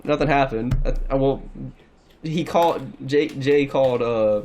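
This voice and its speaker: A man's voice: mid-range voice, measured pace, a little hiss or hum. A young man telling a rambling, profane story in a casual chat with friends. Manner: rambling, profane, animated anecdote. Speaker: podcast regular.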